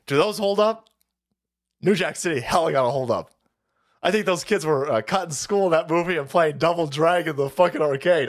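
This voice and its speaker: A man hosting a live stream, ranting in profane commentary, mocking his targets, laughing often and breaking into shouts. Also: a little high, lively intonation, moderate pace.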